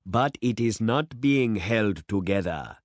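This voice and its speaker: Voicing a boastful, worldly middle-aged urban man in a dry, close storybook reading, this man speaks slowly with lively intonation and a voice on the low side. The mood is fervent as the character speechifies expansively, rising to oratory, with no room sound.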